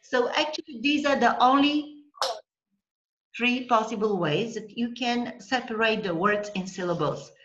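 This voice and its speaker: A woman teaching a language lesson online, patient and deliberate, breaking words into syllables and checking in with the student. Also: a little high, muffled recording. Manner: patient, slow, spells out syllables and checks with "okay?".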